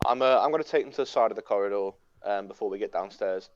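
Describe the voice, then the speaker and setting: A man's voice: lowish voice, quick pace, no room sound, dull audio. A man playing in a tabletop role-play, eager and persuasive, often talking in character. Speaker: player.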